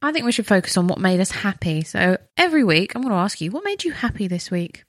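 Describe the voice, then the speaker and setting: A woman's voice: mid-range voice, sing-song, quick pace, dry recording, studio quality. A woman in her thirties co-hosting a podcast, chatting casually in a playful, teasing way. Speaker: podcast co-host.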